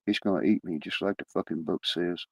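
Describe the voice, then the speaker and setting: Guy doing red riding hood, blunt, flat, kinda low. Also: fairly quick, slightly rough, no echo.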